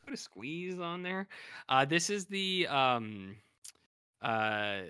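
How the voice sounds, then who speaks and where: A man's voice: on the high side, animated, takes it slowly, bright, forceful tone, clean tone, no echo, studio quality. A man co-hosting a podcast in casual chat, animatedly retelling episodes and acting out what characters say. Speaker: podcast co-host.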